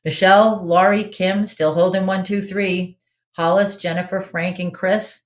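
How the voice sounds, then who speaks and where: A woman's voice: lowish voice, steady tone, measured pace. A woman hosting a live online trivia game in a casual, chatty way, reading out answer options and laughing often. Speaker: trivia host.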